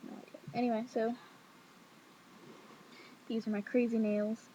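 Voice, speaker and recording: A young woman vlogging from home at night, telling a childhood story in a rambling, sassy, animated way. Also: on the high side, a little slow, a little hiss or hum. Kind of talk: casual storytelling to camera. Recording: dull lo-fi webcam audio.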